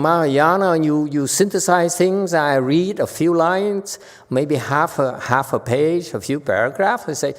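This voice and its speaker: A man teaching as a Buddhist master in a Dharma lecture, teasing and blunt with his listeners and laughing often. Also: on the high side. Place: temple lecture hall. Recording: long hall reverb.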